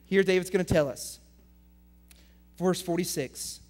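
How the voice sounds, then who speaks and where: High-voiced, energetic male youth pastor. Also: unhurried, faint music behind. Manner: energetic, swings between loud emphatic lines and quiet intense ones; reads scripture aloud, asks students direct questions. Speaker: middle school pastor. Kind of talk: youth sermon.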